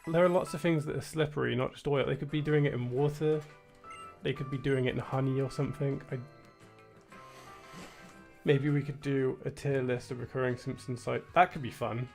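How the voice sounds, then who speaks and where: Medium in pitch with vocal fry and a darkish tone, this young British streamer's voice carries rambling, wry gameplay commentary. He uses lots of filler words while faint game music runs underneath.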